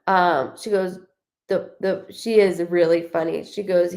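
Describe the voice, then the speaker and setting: Young woman, medium at a live reading, gravelly fry, chatty and animated. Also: on the low side, slow pace. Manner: chatty, animated, laughs often, quotes the spirit in a lively voice. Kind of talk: live psychic reading, casual chat.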